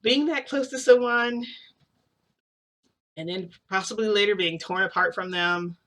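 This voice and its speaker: A young woman tells a long personal story in a loose, chatty vlog style. Her voice is bright and forceful. She keeps filling with "like" and restarting her sentences as she goes. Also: medium pitch. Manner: rambling, heavy use of "like", frequent restarts. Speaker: vlogger. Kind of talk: casual storytelling.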